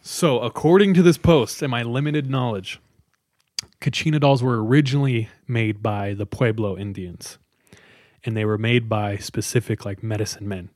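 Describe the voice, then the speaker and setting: A man hosting a podcast, casually telling a scary story with dramatic pauses and lots of "like.". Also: mid-range voice, no room sound, clean studio sound. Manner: relaxed, dramatic pauses, many "like"s.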